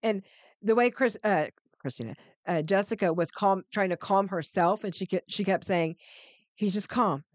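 A woman's voice: mid-range voice, normal speed, a little mellow, dry recording. A woman co-hosting a podcast, chatting casually about reality TV, agreeable and frank in her opinions. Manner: agreeable, frank, many "mm-hmm"s. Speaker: podcast co-host. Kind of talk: casual chat recapping reality TV.

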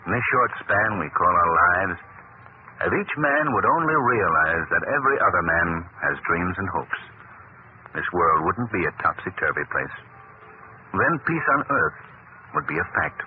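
An actor playing a kindly, suave gentleman hero in a 1940s radio drama, earnest and lively. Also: sits low, normal speed. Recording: tinny old radio broadcast with hiss.

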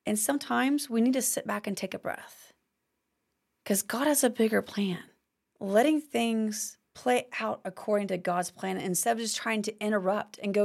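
Woman host, faith podcast teaching, fairly high voice, expressive, acts out quotes, close mic. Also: unhurried, gravelly. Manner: expressive, acts out complaining prayers.

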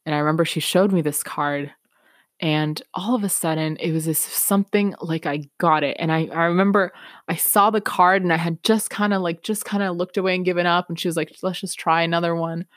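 A woman's voice: fairly low pitch, fairly even intonation, brisk, dry recording, clean studio sound. A young woman hosting a podcast, telling a personal story in an earnest, reflective way and laughing now and then. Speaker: podcast host.

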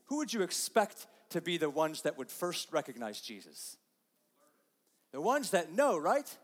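A pastor giving a conversational sermon, dropping to soft, slow asides and rising to loud, emphatic lines. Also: male voice, fairly high pitch, sing-song, in a large hall. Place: church sanctuary.

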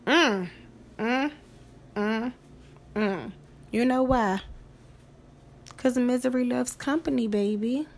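A woman's voice: a little high, slow pace, pauses often. A woman hosting a podcast in a casual monologue, profane and emphatic, repeating phrases for effect. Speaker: podcast host.

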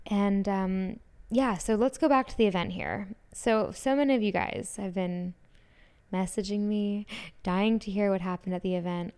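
A woman in her twenties talks casually to her podcast listeners, eager and effusive. Her voice is smooth and clean, sitting at an everyday middle pitch. She strings thoughts together with plenty of "like" and "um". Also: a little mellow. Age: 20s. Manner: gushing, enthusiastic, many "like" fillers. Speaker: podcast host. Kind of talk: casual solo podcast chat.

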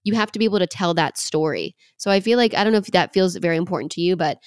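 A woman's voice: on the low side, expressive, fast, clear, resonant tone, no room sound, studio quality. A woman hosting a podcast interview, asking questions in a chatty, encouraging way. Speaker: podcast host.

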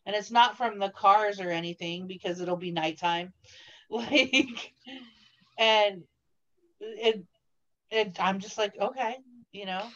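Woman guest, mid-pitched, relaxed matter-of-fact chat, slightly dull lo-fi recording. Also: slow, long pauses. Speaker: podcast guest. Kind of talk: casual chat.

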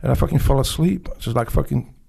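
A man from Poland with a Polish accent, a former Navy SEAL, telling stories bluntly and profanely in halting, broken English with many restarts. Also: mid-range voice, gravelly, mellow, breathy edge. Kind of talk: casual storytelling interview.

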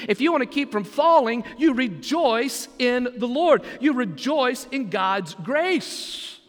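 A man's voice: very high voice, fairly bright tone, long reverb tail. A man preaching a sermon as senior pastor, joking with the congregation and drawing back "Amen?" replies. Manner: preaching with jokes and call-and-response asides.

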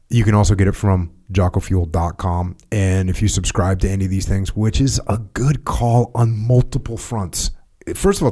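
A man with a low, dark, mellow voice in a casual podcast chat. He talks emphatically and repeats phrases to drive a point home, mixing jokes into his sponsor reads. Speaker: podcast host.

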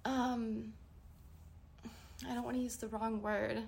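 A woman's voice: a little high, flat delivery, takes it slowly, vocal fry, darkish tone, husky. Chatty young woman answering listener questions. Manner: chatty and candid, trails off and self-corrects. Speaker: podcast host. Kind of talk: casual solo podcast answering listener questions. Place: New York.

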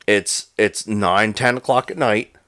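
A man co-hosting a podcast, telling a story in casual, profane, animated chat. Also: fairly low pitch, measured pace, dry recording, clean studio sound. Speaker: podcast co-host.

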